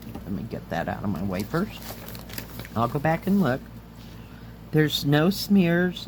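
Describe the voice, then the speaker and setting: A middle-aged woman, slightly hoarse, chatting casually as she reviews craft kits and handles them on camera. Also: low voice, darkish tone, slight background noise. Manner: chatty, enthusiastic, talks while handling items. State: slightly hoarse, losing her voice. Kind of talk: casual chat.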